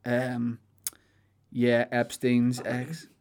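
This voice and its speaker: A young man with a Northern Irish accent talks casually on a podcast. He tells rambling, jokey stories and drops in deadpan asides. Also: medium pitch, extremely slow. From Northern Ireland. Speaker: podcast co-host.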